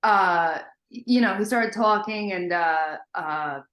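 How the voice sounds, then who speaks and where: A woman guest in a casual podcast chat, telling a story with many small pauses and fillers. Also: fairly low pitch, a bit bright, reverberant.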